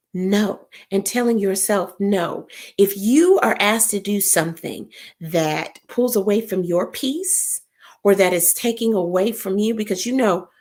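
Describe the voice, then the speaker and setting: Gravelly-voiced woman. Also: mid-range voice, darkish tone. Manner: encouraging, preachy, talks straight to the audience. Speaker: live-stream host and comedian. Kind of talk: casual chat to viewers.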